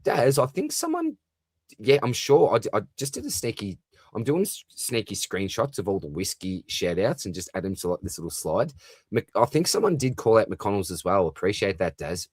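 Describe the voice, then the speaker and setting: A young man with an Australian accent talks easily into a close, dry microphone at home. His voice sits on the low side as he answers viewer comments one after another in a relaxed livestream chat. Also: moderate pace, husky, dry recording. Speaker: fantasy football livestream host. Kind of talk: late-night casual livestream chat.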